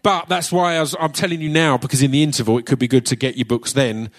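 A man's voice: medium pitch, steady tone, quick pace. A man with an Essex accent hosting a live audience Q&A on stage, chatting casually, joking, swearing and restarting his sentences. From Essex, England. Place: theatre stage at a live book launch.

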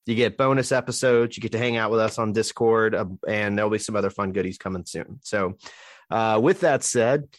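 A man from Alabama hosting a casual podcast chat in a relaxed, chatty way. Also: lowish voice, a little fast, no echo, clean studio sound. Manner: relaxed, chatty, plugs the show. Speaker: podcast host.

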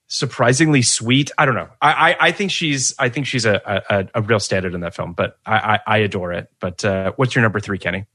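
A man talks films on a podcast in a bright, forceful voice. His enthusiasm tumbles out in restarts and repeated words. The sound is dry, close and free of room echo. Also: lowish voice. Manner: enthusiastic, halting with many restarts. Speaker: podcast co-host. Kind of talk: casual film chat.

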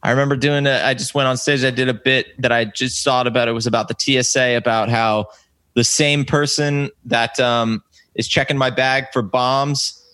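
A man's voice: medium pitch, steady tone, moderate pace, sharp tone, clear, resonant tone, no echo. Man, thirties, rambling comedy storyteller, full of ums and restarts, dry close sound. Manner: rambling, self-interrupting anecdotes with many fillers. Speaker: comedian guest. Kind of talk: casual storytelling chat.

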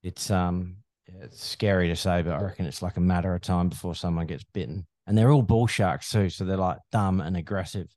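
A man co-hosting a podcast, chatting in a relaxed way and swearing casually. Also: low voice, fairly quick, hardly any pauses, dry recording. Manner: laid-back, swears casually. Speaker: podcast co-host. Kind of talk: casual chat.

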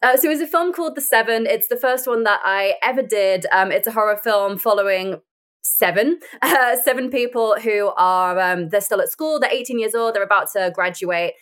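A young woman, an actor appearing as a guest, tells stories in a casual interview, bubbly and chatty and laughing often. Her voice sits mid-range, a bit bright, at a moderate pace.

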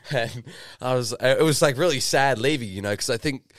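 A man's voice: medium pitch, moderate pace, fairly bright tone, dry recording, clean studio sound. A man in his twenties with an Australian accent, telling stories in a loose, rambling way as a podcast guest, with many fillers and restarts. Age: 20s. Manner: rambling, lots of fillers and restarts, swears casually. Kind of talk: casual interview storytelling.

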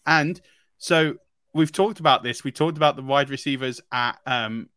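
Bright, excitable man. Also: mid-range voice, normal speed, clear, resonant tone, no echo, clean studio sound. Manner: emphatic, excitable, frequent restarts and laughs. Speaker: fantasy football podcast co-host. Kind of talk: casual sports analysis chat.

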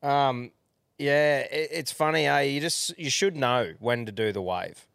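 Sweary Australian man, smooth dry voice. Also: medium pitch, a little slow, a bit bright, no echo. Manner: blunt, sweary, matey banter. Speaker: podcast co-host. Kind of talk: casual chat.

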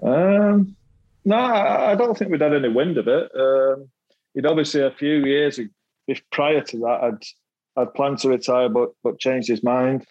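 A man's voice: mid-range voice, a little slow, a little mellow, dry recording, highs cut off. A middle-aged man, a podcast guest telling stories in casual chat, laughing often and stumbling over repeated words. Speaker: podcast guest, former footballer.

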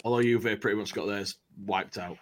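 A man's voice: lowish voice, steady tone, moderate pace, a little hiss or hum. A man chatting on a fan podcast, cracking dry jokes and swearing freely. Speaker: podcast regular. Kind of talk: casual podcast chat.

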